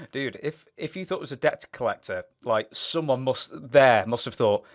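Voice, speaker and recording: A man's voice: medium pitch, expressive, moderate pace. Chatty man asking questions. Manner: chatty, rambling questions with many fillers. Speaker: interview host. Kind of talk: casual interview.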